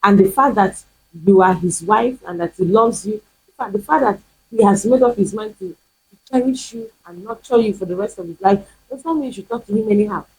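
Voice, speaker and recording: A woman's voice: mid-range voice, fairly quick, darkish tone, slightly rough, rough recording. A woman pastor, preaching emphatically in a teaching video, repeating her points and firing rhetorical questions. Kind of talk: sermon-style teaching video.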